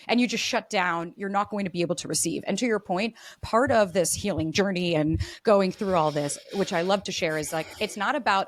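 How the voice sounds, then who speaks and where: A woman's voice: mid-range voice, brisk, few pauses, dry recording. A woman relationship coach, a podcast guest, explaining earnestly and acting out example dialogue. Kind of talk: explanatory interview talk.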